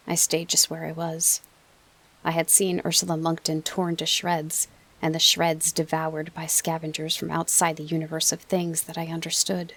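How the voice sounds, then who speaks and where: A woman narrating an audiobook softly, often dropping into a whisper. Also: low-pitched, monotone, moderate pace. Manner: soft, often drops to a whisper. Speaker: audiobook reader.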